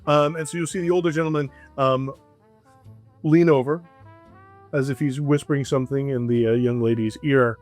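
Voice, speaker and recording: A man narrating as game master in a halting, filler-heavy way. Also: medium pitch, steady tone, darkish tone, faint music behind.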